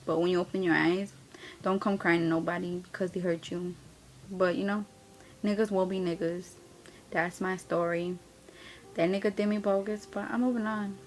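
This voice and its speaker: Flat-toned young woman ranting about an ex. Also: fairly low pitch, moderate pace, a little hiss or hum, low-quality recording. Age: young adult. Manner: blunt, heavy slang and profanity. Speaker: vlogger. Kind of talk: casual storytelling rant.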